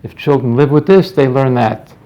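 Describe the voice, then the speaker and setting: A man's voice: medium pitch, normal speed, dark tone. A male psychologist telling a story from his practice, acting out the dialogue and often repeating words, in a dull lo-fi recording. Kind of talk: anecdotal storytelling talk.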